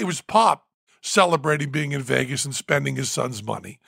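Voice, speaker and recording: A man co-hosting a podcast, telling a story in casual chat, animated and breaking into loud whoops. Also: a little high, brisk, vocal fry, breathy edge, no room sound, clean studio sound. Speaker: podcast co-host.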